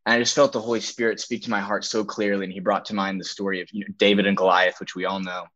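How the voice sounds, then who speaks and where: Young man, low pitch, earnest storytelling, acts out quotes, dull recording. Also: little pitch movement, quick pace, fairly bright tone. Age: young adult. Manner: earnest, emphatic retelling with quoted dialogue. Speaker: guest. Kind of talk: storytelling testimony. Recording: dull lo-fi audio.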